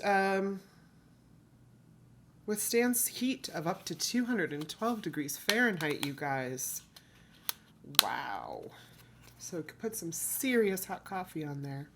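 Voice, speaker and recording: A woman's voice: medium pitch, slight background noise. Chatty woman showing thrift finds. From United States. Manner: chatty, rambling, self-correcting. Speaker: thrift reseller vlogger. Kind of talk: casual haul chat.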